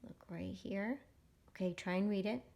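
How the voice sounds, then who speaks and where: A woman leads a phonics lesson for young readers and speaks at a middle pitch. She is patient and encouraging. She stretches each word out slowly so the children can read along. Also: gravelly, mellow, dull audio. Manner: patient and encouraging, reading words slowly aloud. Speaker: reading teacher.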